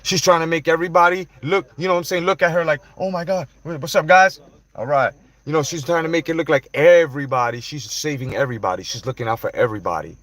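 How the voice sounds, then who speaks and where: A man's voice: on the high side, quick pace, hardly any pauses, a bit bright, dry recording. A man hosting a live stream, confronting people directly in a heated, profane rant to his viewers. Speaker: livestream host.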